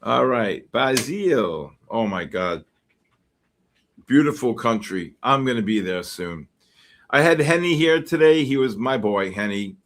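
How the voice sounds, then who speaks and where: A man from the Bronx, hosting a live futures trading stream and reacting excitably to the market while greeting viewers. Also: medium pitch, unhurried. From the Bronx, New York. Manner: excitable, greets chat names in bursts. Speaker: host and futures trader.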